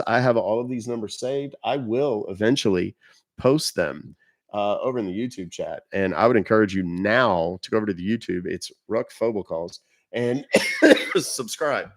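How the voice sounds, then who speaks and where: With a low voice and a cough, a male streamer chats casually and jokingly on his livestream baiting scammers. He swears freely and keeps coughing and sniffling, and the studio-quality audio has no room sound.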